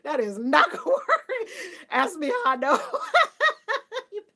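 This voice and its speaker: A woman hosting a casual spiritual talk for her viewers, animated and playful, laughing often and mimicking people. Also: high voice, unhurried. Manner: mimics people in a flat, dutiful voice. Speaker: spiritual livestream host.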